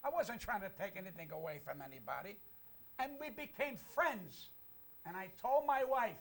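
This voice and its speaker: A man's voice: high-pitched, expressive, normal speed, gravelly. An older man, a comedian guest, telling brash, boastful comic stories and repeating lines for the punch. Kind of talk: comic storytelling.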